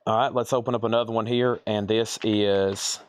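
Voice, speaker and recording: A man's voice: on the low side, steady tone, moderate pace, noisy background. Man calling prices in a live sale. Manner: calls out prices and buyer names, thinks aloud. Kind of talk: live auction selling.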